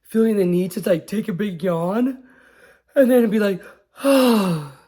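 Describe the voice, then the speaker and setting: A woman in her late thirties talking casually about her own experiences, chatty and quick to laugh. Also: mid-range voice, mellow. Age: 30s. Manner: chatty, laughs often, acts out quotes. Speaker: vlogger. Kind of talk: casual chat.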